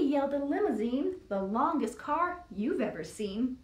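Animated woman reading aloud to children. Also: high-pitched, a little slow, hardly any pauses, a little hiss or hum. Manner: animated sing-song reading with voices. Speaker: children's librarian. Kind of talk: children's storytime read-aloud. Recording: echoey room, distant mic.

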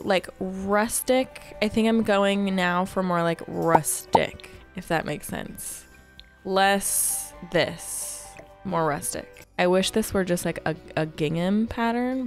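A young woman chatting casually while building in a game, thinking aloud with playful asides. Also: mid-range voice. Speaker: Sims building creator. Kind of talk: casual gameplay commentary.

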